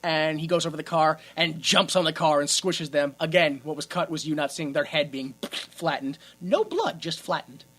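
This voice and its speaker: A man's voice: a little high, steady tone, normal speed, few pauses, pushed and bright. A man co-hosting a casual comedy podcast, retelling a movie's scenes in a crude, joking way and laughing often. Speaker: podcast co-host.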